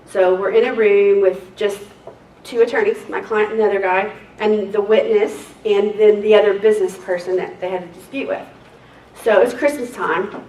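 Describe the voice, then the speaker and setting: A woman, a court reporter teaching a seminar, telling lively, laughing stories between exercises. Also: mid-range voice. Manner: chatty, laughing, lively storyteller. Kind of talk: casual storytelling lesson. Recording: roomy, distant mic, faint noise.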